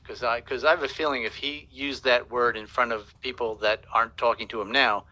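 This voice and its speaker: A man's voice: mid-range voice, fairly even intonation, brisk, bright, forceful tone, rough recording. A man co-hosting a comedy talk show, making wry remarks. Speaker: co-host. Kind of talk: casual comedic chat.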